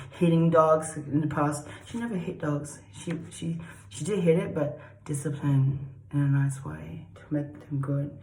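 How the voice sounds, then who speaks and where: A woman's voice: low voice, mellow, slight background noise. Blunt woman lecturing in an echoey room. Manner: repetitive, blunt, swears freely, keeps asking "okay?". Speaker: dog trainer vlogger. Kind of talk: lecture-style casual talk to camera.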